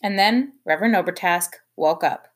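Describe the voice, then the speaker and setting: A woman reading a children's novel aloud with lively, expressive narration. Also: on the low side, normal speed. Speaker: audiobook reader. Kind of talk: scripted narration.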